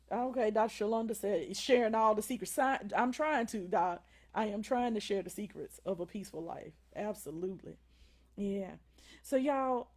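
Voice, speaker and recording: A woman's voice: medium pitch, creaky, mellow. A woman with a Southern drawl, hosting a faith-based motivational livestream and often asking the viewers "right?" and "y'all". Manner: preachy, repeats "right?" and "y'all". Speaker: livestream host.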